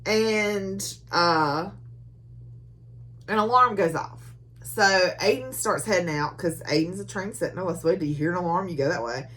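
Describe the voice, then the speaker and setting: A woman's voice: lowish voice, normal speed, fairly bright tone. A woman giving a casual book recap, chatty and full of filler words, laughing often as she retells the story. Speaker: book reviewer.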